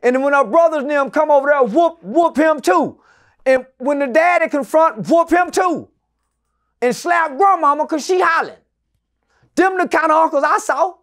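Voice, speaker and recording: This is a high-pitched man in his forties, a guest in an interview who tells stories with loud, profane emphasis. He often breaks into shouts, then drops to low, muttered asides. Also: moderate pace. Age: 40s. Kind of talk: animated storytelling in an interview.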